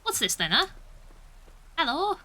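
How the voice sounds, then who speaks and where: A woman's voice: high-pitched, wildly swooping pitch, measured pace, bright, forceful tone. A young British woman streaming a game, chatting casually, mocking herself and laughing often. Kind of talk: casual gameplay commentary.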